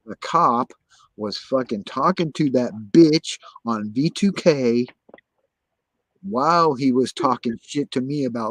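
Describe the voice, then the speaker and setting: A man's voice: mid-range voice, takes it slowly, dry recording. Agitated, profane man on a dry recording. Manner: agitated, profane, repeats himself insistently. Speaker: guest telling his story. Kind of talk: casual conversation.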